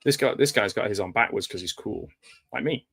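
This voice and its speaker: Low-leaning, husky and creaky, this man's voice still has a fairly bright tone as he speaks briskly and expressively. He riffs over a film in a casual live commentary, wry and chatty, dropping dry jokes and plenty of fillers in a room with no echo.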